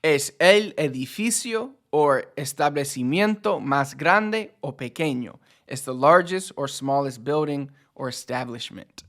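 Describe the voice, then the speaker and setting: A man teaching a language lesson in a relaxed, casual way, explaining phrases with loose everyday fillers. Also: on the high side, measured pace, few pauses.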